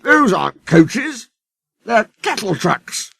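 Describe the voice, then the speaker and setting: A man's voice: high voice, very animated, slow, creaky, a bit bright, slightly rough, no room sound, pitched above the performer's own voice, full character voice. A man voicing a haughty, grumbling small male engine that snorts and sulks. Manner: sulky, snorting, indignant.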